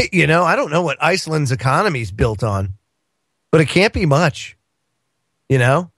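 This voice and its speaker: A man talks as a guest on a casual political radio show in a fairly high voice. He rambles and restarts his sentences, with plenty of fillers and chuckles. His voice sounds close and dry. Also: animated, moderate pace, a bit bright, slightly rough, no echo.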